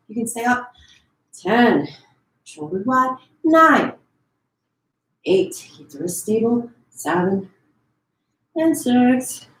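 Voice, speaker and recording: Woman counting reps in an echoey room. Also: medium pitch. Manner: counts down reps with quick form cues. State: a bit out of breath. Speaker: pilates instructor. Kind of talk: live online fitness class cueing. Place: her home.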